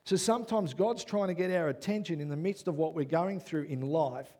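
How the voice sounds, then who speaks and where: A man preaching a sermon as pastor, who often checks in with "yeah?" and builds to loud, excited passages. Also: on the high side, fairly quick, hardly any pauses.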